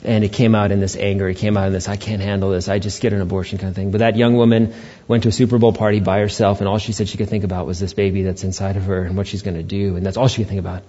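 A man's voice: on the low side, level tone, racing, few pauses, dark tone. A male pastor giving a conversational sermon to his church, with joking asides to the congregation. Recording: dull lo-fi recording.

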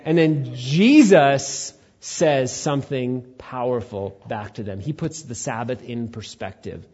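A male pastor delivering a sermon with a husky, slightly breathy voice at a mid pitch. He preaches animatedly, leaping up for acted-out quotes and sinking to soft, low emphasis. The recording is dull and lo-fi. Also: unhurried. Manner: animated, acts out quotes with big pitch jumps, then drops low and quiet.

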